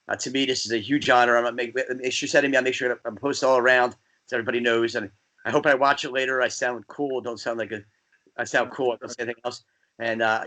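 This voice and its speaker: A man from New Jersey, a guest DJ, chatting casually and telling rambling, animated stories. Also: medium pitch. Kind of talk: casual podcast chat.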